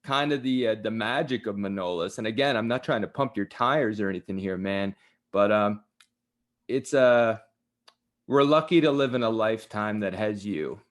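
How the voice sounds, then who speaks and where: A man's voice: lowish voice, moderate pace. A male Canadian radio host chatting with a guest, earnest and enthusiastic, often turning to speak to the listeners. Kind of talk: radio interview chat. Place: radio studio.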